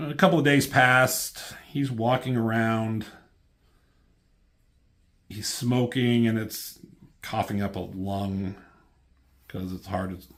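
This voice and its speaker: A man casually reviewing a comic book, reading bits aloud and wandering off into wry, rambling asides. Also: medium pitch.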